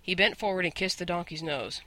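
A man narrating a storybook in a measured, gently expressive way, close to the mic. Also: high-pitched, dry recording. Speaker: audiobook narrator.

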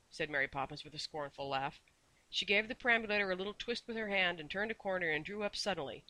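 An expressive storyteller reading a children's book aloud. The tone is bright and forceful, with lively shifts between characters. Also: mid-range voice, rough recording. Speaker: audiobook narrator. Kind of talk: scripted narration.

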